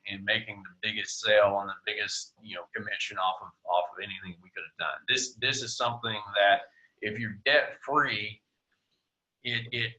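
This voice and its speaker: Low, bright-voiced host on a video call. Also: male voice, lo-fi sound. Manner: rambling, repeats words, many fillers. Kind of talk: hosting a team video call.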